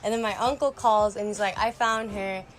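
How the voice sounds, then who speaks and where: A young woman telling a story on her vlog, casual and animated, full of "like" and slang, bursting into loud quoted lines. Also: mid-range voice, normal speed, very noisy. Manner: animated, dramatic retelling with sudden loud quoted outbursts; many "like" fillers, slangy talk. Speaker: storyteller vlogger.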